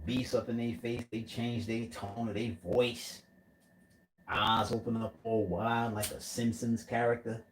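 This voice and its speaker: A man's voice: mid-range voice, little pitch movement, measured pace. A man vlogging a rambling, profane conspiracy rant full of street slang.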